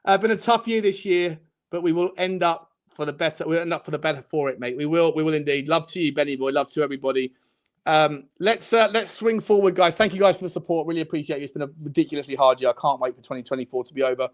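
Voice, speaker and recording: Male host, rapid-fire delivery, effusive thanks, slightly high voice. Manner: rapid, effusive shout-outs to supporters. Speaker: channel host. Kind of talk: casual fan podcast chat.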